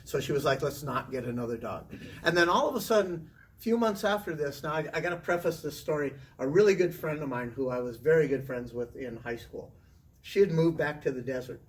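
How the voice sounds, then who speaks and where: Middle-aged man, chatty animated storyteller, recorded from a distance. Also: on the high side, a little fast. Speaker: interview guest, former teacher. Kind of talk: casual storytelling. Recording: distant mic with faint room noise.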